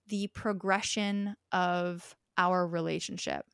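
A woman's voice: on the low side, fairly even intonation, takes it slowly, gravelly, a bit bright, clean tone, no room sound. Thoughtful young woman, dry close sound. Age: young adult. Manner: thoughtful, explains with examples. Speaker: podcast guest. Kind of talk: reflective podcast conversation.

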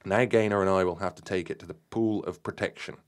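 A man's voice: deep voice, steady tone, a little fast, lightly acted. A man voicing a commanding group leader. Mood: firm. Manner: urgent, firm instructions.

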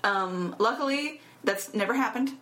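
A woman with a high, bright voice tells a story in a relaxed chat. She is animated, laughs easily and slips into quoted voices as she goes. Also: moderate pace.

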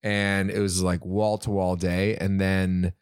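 Rambling, chatty musician guest. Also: male voice, sits low, slow, clear, resonant tone, no room sound, clean studio sound. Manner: rambling, animated storyteller, laughs often. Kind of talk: casual podcast chat.

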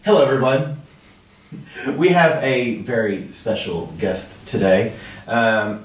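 A man's voice: mid-range voice, expressive, takes it slowly. A man co-hosting a podcast, chatting in a joking, giggly way. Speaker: podcast co-host. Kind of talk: casual chat. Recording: echoey room from far off.

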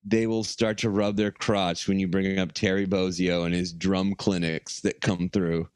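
A man's voice: low-pitched, level tone, measured pace, a little mellow, clear, resonant tone, dry recording. A man playing a petulant grown son who swears and complains to his mother. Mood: whiny. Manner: swearing, whiny, defensive. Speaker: podcast co-host. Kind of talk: improvised comedy bit.

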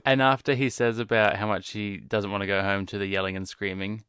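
A man's voice: fairly low pitch, level tone, brisk, fairly bright tone, smooth, no echo. A man co-hosting a podcast in casual chat, talking in a dry, matter-of-fact way. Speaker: podcast co-host.

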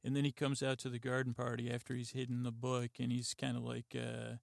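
A man hosting a podcast, softly retelling a TV episode in a halting, meandering way full of "uh" and "like". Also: mid-range voice, monotone, creaky, dry recording, clean studio sound. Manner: halting, lots of "uh" and "like", quiet and meandering. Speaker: podcast host. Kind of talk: rambling sleepy retelling of a TV episode.

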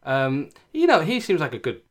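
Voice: mid-range voice, huge pitch swings, normal speed. A co-host in casual podcast chat, joking and laughing often. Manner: jokey, laughs often, slips into silly voices.

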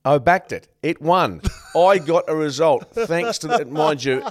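A man's voice: fairly high pitch, expressive, a little slow, no echo, clean studio sound. A man co-hosting a podcast in casual chat, telling rambling, self-deprecating stories. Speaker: podcast co-host.

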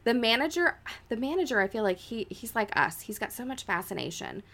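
A woman's voice: a little high, very animated, a little fast, fairly bright tone. A young adult woman co-hosting a podcast, telling a ghost story in a casual, chatty way, full of "like" fillers and dramatic quoted voices. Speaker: podcast co-host.

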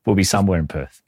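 A very deep-voiced Australian man chats on a podcast with laconic, dry asides. His voice is close and dry, with no room around it. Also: husky, dry recording. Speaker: podcast co-host. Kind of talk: casual chat.

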